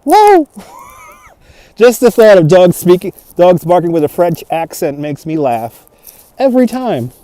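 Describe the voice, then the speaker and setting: Casual New male livestream host, slightly high and mellow, phone on gimbal, chatting with viewers. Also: expressive, normal speed, dry recording. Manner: chatty, reads out and answers viewer comments, laughs often. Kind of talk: casual walking livestream chat. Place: outdoors in a snowy park at dusk. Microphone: phone on a handheld gimbal.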